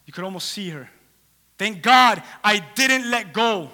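In a sermon full of humor, this preacher acts out the characters of a scripture story as he retells it. He speaks unhurriedly and expressively, his voice sitting high with a sharp edge, and the sound carries a long hall reverb.

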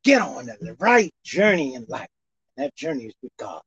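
A woman preaching a sermon in a casual, folksy way, swinging between shouted highs and low murmurs. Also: sing-song, normal speed, vocal fry, breathy edge, no echo. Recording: dull lo-fi recording.

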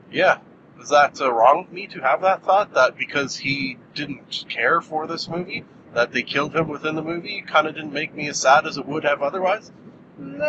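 A man's voice: a little high, lo-fi sound, noisy background. A man giving a casual, rambling film review, joking and filling gaps with lots of "uh"s. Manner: rambling, jokey, many fillers. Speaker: movie reviewer host.

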